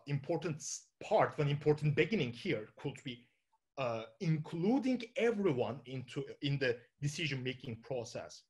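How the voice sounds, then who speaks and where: A man with a Turkish accent giving an informal talk to an audience, thinking aloud and often restarting his sentences with fillers. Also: fairly high pitch. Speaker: conference speaker.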